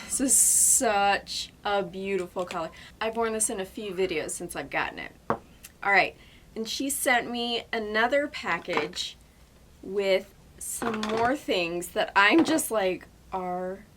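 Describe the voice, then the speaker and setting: A young woman beauty vlogger chatting to camera in a gushing, excitable and emotional way. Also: mid-range voice, a little hiss or hum. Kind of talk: casual chat to camera.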